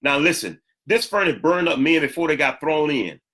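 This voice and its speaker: A male pastor preaching a sermon, emphatic, repeating key lines and swinging sharply up and down in pitch for emphasis. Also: lively intonation, normal speed, fairly bright tone.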